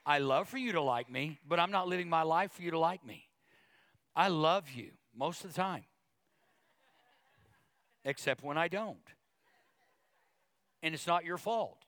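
A male pastor preaching a sermon, talking conversationally with asides and repeated words, then rising in pitch and volume as he gets emotional. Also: no echo, studio quality. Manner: emotional, grows louder and higher when preaching.

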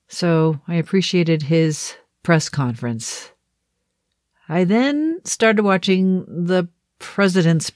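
A middle-aged woman from the Boston area of Massachusetts speaks in a lowish, darkish voice with a faint, mostly softened Boston accent. She's a video diarist chatting casually through her daily diary with light laughs. The recording is dry with clean studio sound.

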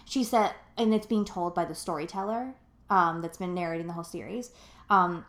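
A woman's voice: fairly low pitch, a little fast, a bit bright. A woman in her twenties co-hosting a podcast, chatting casually in a rambling, filler-heavy way, swearing freely and getting emotional. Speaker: podcast co-host. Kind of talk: casual chat. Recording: roomy echo.

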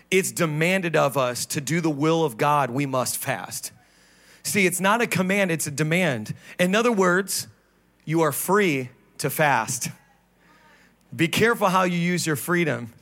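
Guy pastor with a high voice preaching on stage, playful asides then dropping low and quiet for emphasis. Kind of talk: sermon. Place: church stage.

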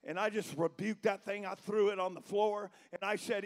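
A middle-aged man preaching a sermon as pastor, telling a story that builds into shouted preaching. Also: high voice, steady tone, moderate pace, hardly any pauses.

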